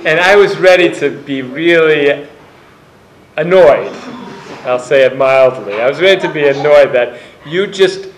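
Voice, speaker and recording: A man's voice: fairly high pitch, unhurried. Man telling stories in an echoey room. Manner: anecdotal, acts out quoted voices. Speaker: author giving a book talk. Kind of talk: storytelling talk to a live audience.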